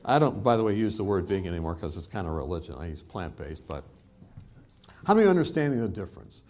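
A man's voice: low voice, quick pace. A male preacher giving a sermon in a church, telling stories with humor and laughter. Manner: animated storytelling with laughter.

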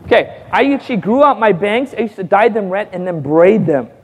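High-voiced male preacher in an echoing hall. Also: brisk, background noise. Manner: lively storytelling, acting out dialogue with frequent chuckles; calls out to the audience for responses. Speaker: evangelist. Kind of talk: testimony preached to a congregation.

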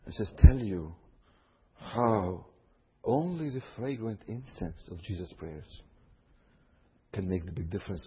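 A man from Syria preaching a sermon, swinging from low asides to loud high exclamations. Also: breathy edge. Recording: long hall reverb, dull lo-fi sound.

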